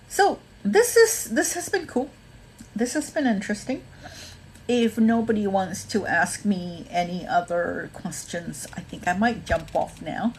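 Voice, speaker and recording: A woman's voice: fairly low pitch, a little hiss or hum, low-quality recording. A woman from Malaysia with a mixed, mostly American accent and a touch of Australian, hosting a casual livestream, rambling with lots of ums and greeting viewers by name. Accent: mixed American with a bit of Australian. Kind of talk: casual live-stream chat.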